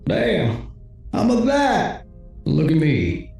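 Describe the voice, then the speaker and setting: A man voices a laid-back bounty hunter who drawls every word out slowly. He sits a little higher than the man's own speaking voice, with menace under the ease. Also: big pitch swings, vocal fry, darkish tone, very echoey, distant mic, soft background music, full character voice. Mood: mock-offended. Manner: slow lazy drawl.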